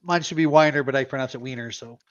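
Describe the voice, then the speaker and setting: A man's voice: medium pitch, very fast, muffled recording, a crowd in the background. A man co-hosting a casual podcast, joking and chiming in. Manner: jokey, chiming in. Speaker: podcast co-host.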